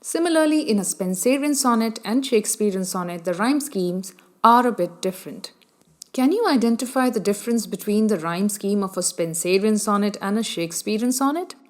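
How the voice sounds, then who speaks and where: A woman teaching a literature lesson in a measured way, explaining step by step and asking the listener questions. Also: medium pitch, lively intonation. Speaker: literature lecturer. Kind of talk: explanatory lecture.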